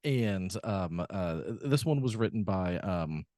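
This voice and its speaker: A man's voice: deep voice, lively intonation, slow, a little mellow, dry recording, studio quality. A man co-hosting a podcast, talking through a film in casual chat with lots of fillers and restarts. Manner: rambling, many fillers and restarts. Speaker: podcast co-host.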